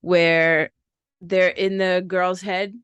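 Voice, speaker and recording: A woman's voice: on the low side, flat delivery, very slow, a bit bright, smooth, no room sound. A woman joining a casual podcast chat, making laid-back joking asides.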